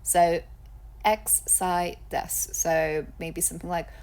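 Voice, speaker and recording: A woman's voice: lowish voice, little pitch movement, takes it slowly, darkish tone, smooth. Chatty woman teaching a lesson. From England. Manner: chatty and upbeat, laughs at her own slips. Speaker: Japanese language teacher. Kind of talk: casual online lesson.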